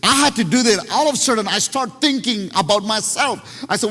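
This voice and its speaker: High-voiced pastor preaching in a reverberant hall. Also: male voice, brisk. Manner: animated storytelling with many restarts. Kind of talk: sermon.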